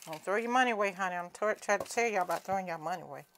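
A woman's voice: fairly low pitch, very fast, a bit bright, slight background noise. A woman with a Southern US accent, chatting folksily through a home cooking demonstration and calling viewers honey and cousin.

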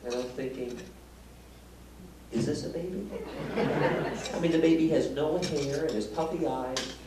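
A man from Detroit performing magic and stand-up comedy live in a casino showroom, cracking jokes and bantering with the audience. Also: on the high side. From Detroit, USA. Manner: wisecracking, chatting with the audience. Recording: echoey live room, loud crowd and noise, mic at a distance.

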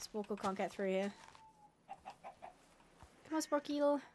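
A woman's voice: mid-range voice, lively intonation, takes it slowly, a little mellow, slight background noise. A woman streaming a game live, chatting and mocking herself as she talks to her animals. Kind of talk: live gameplay commentary.

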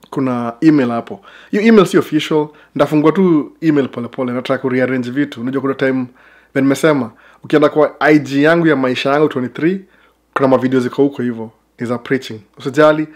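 Kenyan male vlogger, quick, chatty, rambling; loose to-camera talk. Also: medium pitch. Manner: chatty, rambling asides with laughs. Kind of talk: casual chat to camera.

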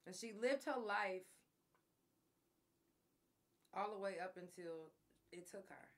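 A woman's voice: medium pitch, expressive, unhurried. Candid woman telling a personal story. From Oklahoma. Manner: candid, profane, emotional storytelling. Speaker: podcast host.

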